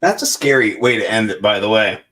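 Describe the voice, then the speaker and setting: A man co-hosting a live-stream chat show, animated and giggly as he talks over the clips he plays. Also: lowish voice, brisk. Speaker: podcast co-host.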